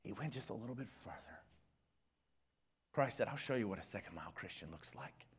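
A man preaching a sermon, swinging between hushed whispers and shouted peaks. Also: on the low side, expressive, fairly quick, breathy edge. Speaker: pastor.

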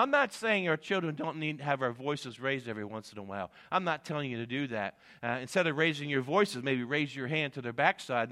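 A middle-aged male pastor preaching a sermon, building to emphatic peaks and dropping low for asides, with repeated "amen" and "guess what". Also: bright, forceful tone.

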